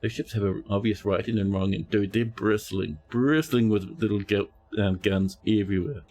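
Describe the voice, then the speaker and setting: A man's voice: fairly low pitch, normal speed, a little mellow. A man streaming a space game live, giving playful, chatty commentary and joking with the characters.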